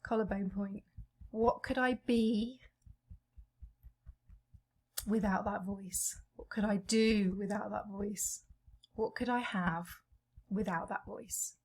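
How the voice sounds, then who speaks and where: In a husky, medium-pitched voice with a steady tone, a woman walks listeners through EFT tapping. She calls each point out slowly and gently.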